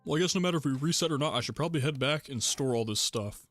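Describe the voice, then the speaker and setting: A young man streaming a game, chatting casually in a rambling, relaxed way and laughing often between thoughts. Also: mid-range voice, very fast, faint music behind. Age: young adult. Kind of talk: casual gaming livestream chat.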